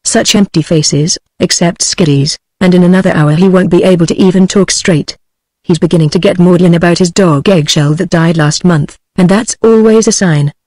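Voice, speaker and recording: A woman's voice: fairly low pitch, no echo, close to an everyday voice. A British female TTS voice reading a restless teenage girl. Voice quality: even, mechanical text-to-speech delivery.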